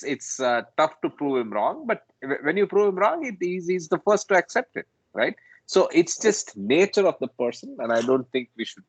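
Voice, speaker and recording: A man, reasoning calmly in a group discussion and ending points with "right?". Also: mid-range voice, dry recording, lo-fi sound. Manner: conciliatory, ends points with "right?". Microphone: video call.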